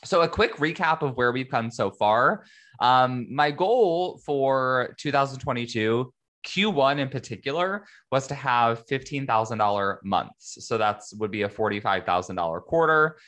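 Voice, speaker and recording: A man's voice: mid-range voice, animated, normal speed, fairly bright tone. A man hosting a solo business podcast, talking in a chatty, upbeat way full of fillers. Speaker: podcast host, business educator. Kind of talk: casual solo podcast monologue.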